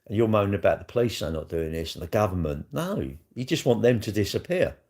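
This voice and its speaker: A man's voice: on the low side, sing-song, fast talker, darkish tone. A middle-aged man, rambling bluntly and crudely in a casual livestream chat, tossing in tag questions as he answers comments. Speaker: livestream host.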